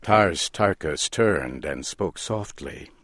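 A man narrating a story in a deliberate, measured delivery. His voice sits low and he takes his time over each phrase. The sound is dry and close, with no room echo. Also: expressive, fairly bright tone.

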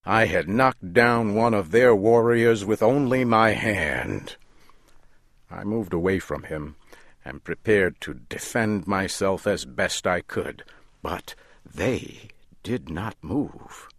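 A man reading a story aloud in a slow, measured and deliberate way, as the narrator. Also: fairly low pitch, lively intonation, a bit bright, no room sound.

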